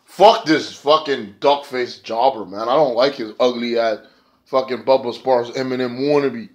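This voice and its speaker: A man's voice: medium pitch, fairly even intonation, normal speed, a little mellow. A man talking through a wrestling episode in a loose, rambling way. He swears freely and leans on sarcasm, with a mid-range voice. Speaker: wrestling show reviewer. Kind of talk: casual spoken review.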